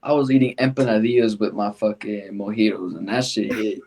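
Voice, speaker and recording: A man's voice: on the low side, steady tone, a little fast, darkish tone, slight background noise. A man hosting a podcast in casual chat, laid-back and slangy, swearing freely. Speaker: podcast host.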